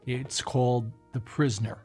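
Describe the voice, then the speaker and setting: A man's voice: mid-range voice, steady tone, normal speed, darkish tone, breathy edge, faint music behind. A man hosting a casual chat, retelling old TV shows in a rambling, hesitant way with many fillers. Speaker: host.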